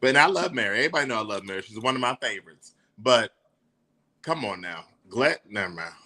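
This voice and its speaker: A man co-hosting a casual chat, sassy and profane in quick banter. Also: fairly low pitch, lively intonation, pushed and bright. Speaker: co-host.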